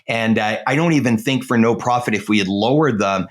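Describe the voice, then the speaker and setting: A middle-aged real estate agent with a medium-pitched voice speaks a little fast. Telling a story casually in an interview, he rambles, filling it with "uh," "um," and restarts.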